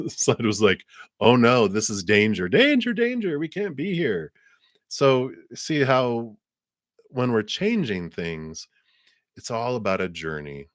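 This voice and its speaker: A man's voice: deep voice, fairly bright tone, no room sound, clean studio sound. A man giving tarot readings on a live stream, talking in a chatty, reflective way with frequent fillers and restarts. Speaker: tarot reader.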